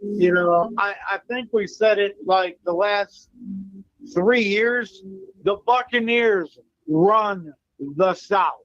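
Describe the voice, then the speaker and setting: A man calling in to a sports show, confident, with halting starts. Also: high-pitched, a bit bright, no echo, dull audio. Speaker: caller.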